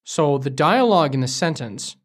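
Recorded in a studio in Beijing, this co-host of a language lesson podcast takes the role of a curious learner wanting examples. He speaks at a normal speed with a fairly high pitch and lively intonation.

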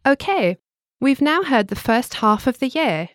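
A woman co-hosting a scripted language lesson, with a clear teacherly delivery that slows down to spell words out. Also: high-pitched, very animated, no room sound, clean studio sound.

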